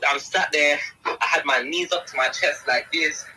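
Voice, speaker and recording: A man's voice: a little high, moderate pace, bright, forceful tone, husky, poor audio. A young man, a guest in an interview, telling an emotional first-person account in an intense, agitated way, often calling the host by name.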